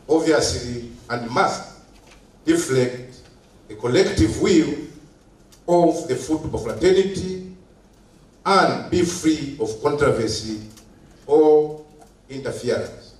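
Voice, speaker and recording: A man giving a formal opening speech at a meeting, slow and emphatic, repeating his key phrases. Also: mid-range voice, expressive. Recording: echoey hall, heard from a distance.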